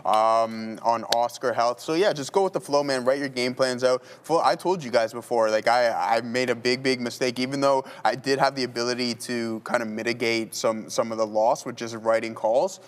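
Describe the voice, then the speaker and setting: A man's voice: medium pitch, fairly even intonation, normal speed, hardly any pauses, slight background noise. A man hosting a live day trading stream, chatting casually with viewers and talking through his trades as he makes them.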